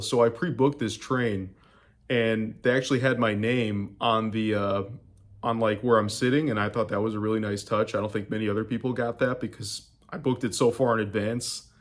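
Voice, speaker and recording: Young American male vlogger, low-pitched, chatty and meandering recap of a trip. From United States. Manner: rambling, loose, with many fillers and restarts. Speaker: travel vlogger. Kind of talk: casual travel recap to camera.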